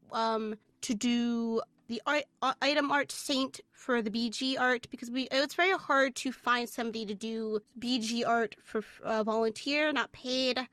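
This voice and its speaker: Bright, animated woman game developer. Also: fairly high pitch, dry recording. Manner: animated, laughs often, quick restarts. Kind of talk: casual chat.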